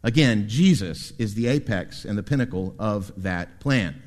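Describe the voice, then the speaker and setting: A man preaching a sermon as pastor, with lively delivery and quick asides to the congregation. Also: lowish voice. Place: church sanctuary. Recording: long reverb in a church hall.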